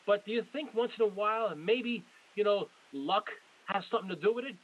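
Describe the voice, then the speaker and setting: A man's voice: sits high, fairly quick. Effusive man in his forties, muffled line. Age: 40s. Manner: effusive, rambling, repeats himself. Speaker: podcast host. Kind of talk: casual interview.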